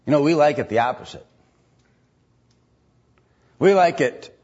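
A male preacher telling a story in his sermon, rambling with many fillers and restarts. His voice is husky. The lo-fi recording sounds dull. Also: fairly high pitch, animated, measured pace, long pauses, darkish tone.

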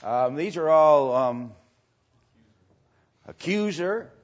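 Male preacher, slow and halting teaching delivery, dull lo-fi recording. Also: a little high, animated. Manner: slow, halting, many fillers. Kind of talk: sermon teaching. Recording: dull lo-fi sound.

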